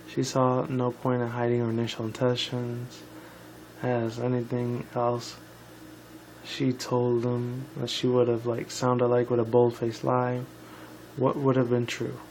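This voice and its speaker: A man's voice: medium pitch, monotone, unhurried, a little mellow, slight background noise, poor audio. A tired young man reading a fan story aloud, stumbling over words and correcting himself with casual asides. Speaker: fan fiction reader.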